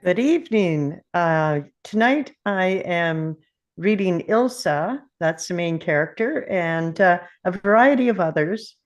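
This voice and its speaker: An older woman from central Alberta introducing herself on a call, calm and measured. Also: lowish voice. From central Alberta, Canada. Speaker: table read participant. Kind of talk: casual self-introduction.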